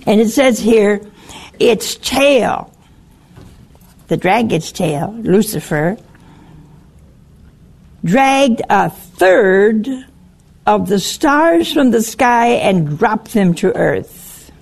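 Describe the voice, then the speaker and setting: Slow, emphatic woman preaching a sermon. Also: medium pitch, lively intonation, gravelly, darkish tone.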